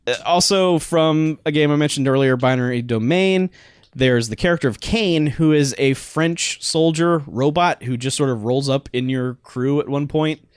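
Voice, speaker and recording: A man's voice: on the high side, moderate pace, clear, resonant tone, no room sound. A man co-hosting a casual gaming podcast, rambling through his points and laughing often. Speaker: podcast co-host. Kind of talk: casual chat.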